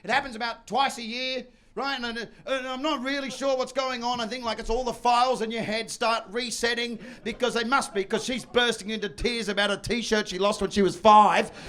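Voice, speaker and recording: A man doing a stand-up comedy set, brash and loud, bursting into shouts and mock voices. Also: very high-pitched, fairly even intonation, moderate pace, hardly any pauses. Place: comedy venue with audience.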